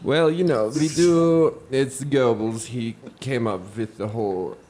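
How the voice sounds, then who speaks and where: A man's voice: mid-range voice, fairly even intonation, takes it slowly, a little mellow, slight background noise, close to an everyday voice. A man voicing a hesitant, rambling, self-satisfied Nazi officer in a tabletop role-play. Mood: smug.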